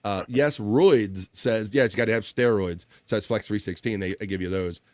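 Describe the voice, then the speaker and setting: A man's voice: fairly low pitch, moderate pace, a little mellow, no echo. A middle-aged man hosting a livestream, chatting loosely and reading out viewer comments. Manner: rambling, loose and chatty with fillers. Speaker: livestream host.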